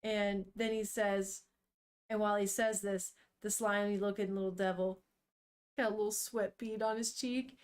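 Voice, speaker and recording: A young woman streaming to her chat, reading a manga aloud and reacting in a chatty, animated way with casual swearing. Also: medium pitch, normal speed, clear, resonant tone.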